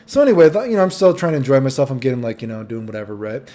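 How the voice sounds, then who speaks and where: A man's voice: mid-range voice, big pitch swings, very fast, warm tone. A young man telling a rambling, profane storytime monologue, tagging lines with "right?". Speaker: vlogger.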